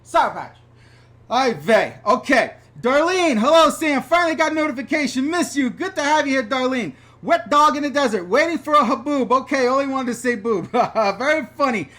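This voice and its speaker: Male channel host from the NY/NJ area, bright and forceful tone, excitable and rambling, reads viewer comments on a casual home live stream. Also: extremely high pitch, moderate pace. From New York / New Jersey area. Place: upstairs room at home.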